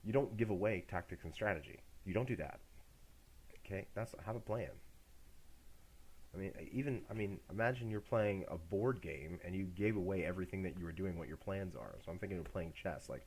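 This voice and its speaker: A man's voice: sits low, a little fast, a little mellow, slightly rough. A middle-aged man giving a university lecture in a casual, jokey way, acting out examples as he goes.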